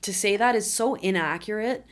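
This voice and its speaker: Her voice is medium in pitch and moves at a normal speed. She's a woman in her twenties, a guest on a podcast, earnestly and candidly recounting her story in an interview-style conversation.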